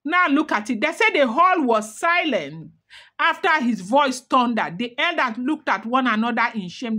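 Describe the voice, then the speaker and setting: A woman's voice: sits high, bright, forceful tone. Dramatic woman retelling gossip. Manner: dramatic, repetitive, emphatic. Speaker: celebrity gossip vlogger. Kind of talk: storytelling gossip narration.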